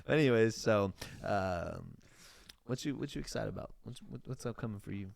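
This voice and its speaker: A young man talks in a relaxed, rambling way, restarting his phrases as he chats. His voice sits on the low side and the sound is dry, with no room around it. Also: measured pace, gravelly, dry recording. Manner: laid-back, rambling, laughs often, restarts phrases. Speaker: podcast co-host. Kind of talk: casual chat.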